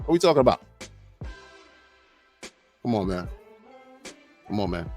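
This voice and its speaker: A man's voice: fairly low pitch, very animated, unhurried, a little mellow, soft background music. A middle-aged man hosting a live podcast, rambling loosely and filling his talk with "man" and "you know". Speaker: podcast host. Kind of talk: casual live-stream rambling.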